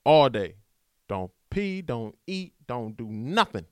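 A man talks straight into a close, dry mic, his pitch swinging lively up and down as he rambles through a slangy pep talk. His voice sounds smooth and resonant. It has the loose, casual flow of a podcast host riffing on his own. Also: takes it slowly, no room sound. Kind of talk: casual motivational monologue.

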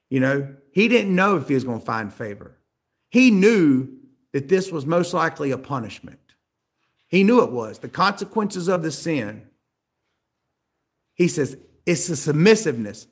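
A man preaching a sermon, asking the listeners rhetorical questions and swinging from emphatic, raised passages to quiet, low asides. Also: expressive, a little slow, creaky. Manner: rhetorical questions, rising to emphatic peaks then dropping quiet.

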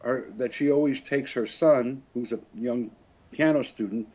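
Unhurried and medium-pitched, his voice is mellow with a slight roughness. The older man, a French horn player, spins rambling stories in a casual interview, chuckling and self-correcting often, all on a dull lo-fi recording.

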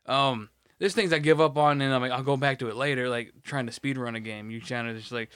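A man's voice: mid-range voice, fairly even intonation, quick pace, hardly any pauses, a bit bright, clear, resonant tone, no room sound. A man co-hosting a podcast in casual chat, rambling and swearing with many restarts. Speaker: podcast co-host.

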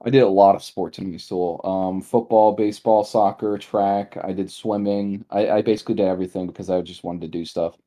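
A man's voice: low voice, steady tone, a little fast, few pauses, warm tone. A young man co-hosting a podcast, teasing and rambling in casual chat. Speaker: podcast co-host.

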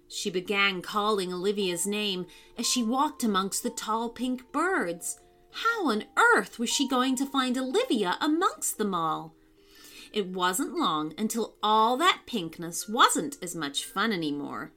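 A woman narrating a children's bedtime story in a slow, expressive, sing-song reading. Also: fairly high pitch, soft background music.

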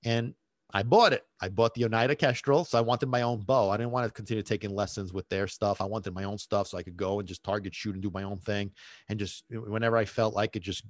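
A man's voice: lowish voice, fairly even intonation, fast talker, no room sound. Rambling man telling a personal story. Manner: rambling, many restarts and fillers. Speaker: dog trainer.

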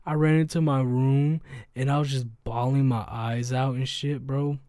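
Casting: young male podcast host, loose, profane storyteller, mid-pitched. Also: steady tone, normal speed, mellow, dry recording, studio quality. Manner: slangy, profane, rambling with fillers. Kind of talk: casual podcast chat, storytelling.

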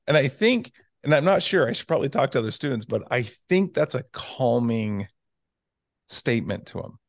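A man who teaches, hosting a casual radio chat, halting and repeating words as he talks. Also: medium pitch, sing-song, creaky, no echo, clean studio sound.

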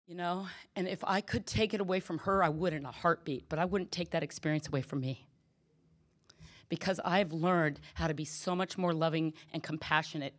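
Middle-aged woman, lowish voice, candid testimony, storyteller who plays out both sides of conversations. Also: fairly even intonation, brisk. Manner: candid, storytelling, acts out quoted dialogue. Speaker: recovery meeting speaker. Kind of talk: personal testimony talk.

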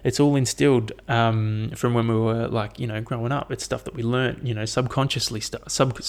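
Gravelly, sweary young man. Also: medium pitch, fairly even intonation, normal speed. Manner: rambling, sweary, frequent fillers. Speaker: podcast host. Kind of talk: casual solo podcast monologue.

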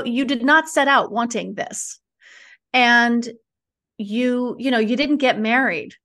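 A woman guest on a podcast talks as a divorce coach, her voice sitting a little above the usual for women. She is animated and frank, with casual swearing slipped into a relaxed, conversational delivery. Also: on the high side.

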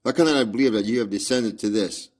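A man's voice: fairly low pitch, quick pace, a little mellow, lightly acted. A man reading aloud as a loyal, indignant Victorian male doctor who protests earnestly.

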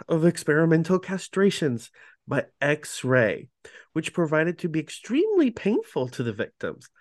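A man's voice: fairly high pitch, dry recording, clean studio sound. A man hosting a podcast, reading prepared narration with casual asides and stumbling over foreign words. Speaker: podcast host.

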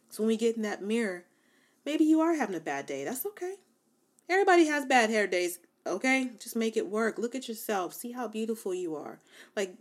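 A young adult woman talking casually to her viewers, giving self-love advice in an animated, emphatic way, with lots of "like" and "you know.". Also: medium pitch. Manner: conversational, many fillers like "like" and "you know". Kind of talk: casual motivational talk to camera.

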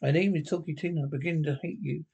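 A woman's voice: low voice, fairly even intonation, rapid-fire, vocal fry, dark tone, slightly rough, highs cut off, heavily acted. Talking girl doll, sing-song, sinister, classic TV drama. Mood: menacing. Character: menacing talking girl doll, sweet then threatening.

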